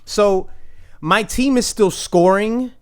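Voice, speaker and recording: A man's voice: high-pitched, slow, clean tone. A young man hosting a casual fantasy football recap, rambling with frequent restarts and crude jokes. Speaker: fantasy football league host. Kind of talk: casual trash-talking recap.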